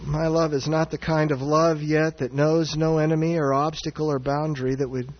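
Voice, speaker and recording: A man preaching a sermon as pastor, earnest and searching, swinging from raised, near-shouted passages down to low, quiet ones. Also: level tone, moderate pace. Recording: dull sound with long hall reverb.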